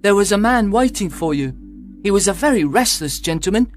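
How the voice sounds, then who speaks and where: A man's voice: high-pitched, animated, a little fast, faint music behind, voice pushed up. A man voicing a young page boy in a storybook reading, polite and eager in manner.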